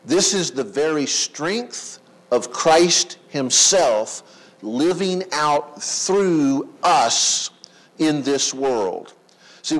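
A man preaching a sermon, emphatic, with dramatic pauses and rhetorical questions. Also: a little high, poor audio. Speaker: pastor.

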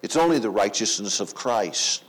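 A man preaching a sermon, emphatic, with dramatic pauses and rhetorical questions. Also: lowish voice, animated, breathy edge, low-quality recording. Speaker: pastor.

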